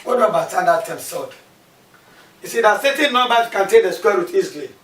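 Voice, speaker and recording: Animated and fast, a maths teacher whose voice sits high with a fairly bright tone runs his classroom lesson by repeating key terms and asking questions aloud. The recording is distant, echoey and carries faint background noise.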